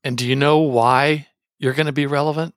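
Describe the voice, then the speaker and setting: A man's voice: fairly high pitch, fairly even intonation, fairly quick, fairly bright tone, smooth, no echo, studio quality. A man hosting a podcast, chatting with a guest in a jokey, upbeat way. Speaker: podcast host. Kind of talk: casual podcast chat.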